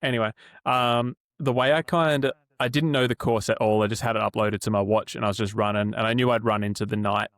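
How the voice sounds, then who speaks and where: A man's voice: lowish voice, fast talker. An Australian man in his twenties or thirties, co-hosting a podcast, telling a rambling anecdote with casual swearing. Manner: laid-back, swears freely, animated anecdotes. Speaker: podcast co-host. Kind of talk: casual storytelling chat.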